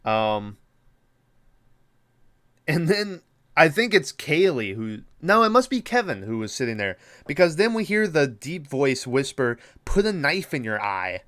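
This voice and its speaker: A man's voice: fairly high pitch, big pitch swings, unhurried, fairly bright tone. Profane rambling male podcast host. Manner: rambling, profane, many fillers. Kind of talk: casual movie recap.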